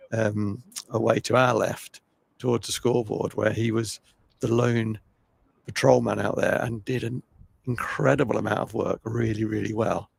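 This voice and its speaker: A man's voice: mid-range voice, gravelly, slightly rough. A man commentating live on cricket, chatty and rambling, with a self-deprecating way of talking.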